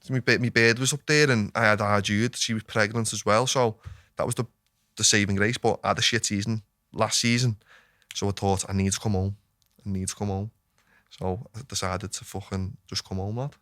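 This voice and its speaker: A man's voice: fairly low pitch, fairly even intonation, fairly quick, sharp tone, dry recording, studio quality. Sweary Scouse man telling stories. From Liverpool, England. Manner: sweary, tells stories with lots of filler asides. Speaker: podcast guest, footballer. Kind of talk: casual storytelling chat. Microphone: studio podcast mic.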